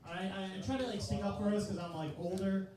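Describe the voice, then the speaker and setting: A man's voice: sits high, fairly even intonation, quick pace, heavy reverb, far from the mic, background noise. A man in his thirties doing a loose, profane, self-mocking stand-up comedy set in a comedy club. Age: 30s. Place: comedy club stage, live audience.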